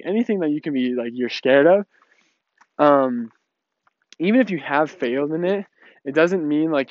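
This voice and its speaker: Young man, early 20s, casual vlogger, loose and rambly with fillers; slightly higher voice, close dry lo-fi sound. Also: no echo. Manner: rambling, many fillers and restarts, laughs often. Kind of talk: casual talking-to-camera vlog.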